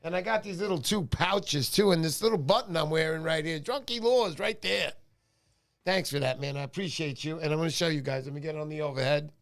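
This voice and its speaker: Chatty high-voiced New man. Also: fairly quick, fairly bright tone. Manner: chatty, joking, greets viewers by name. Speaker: livestream host. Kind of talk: casual livestream chat.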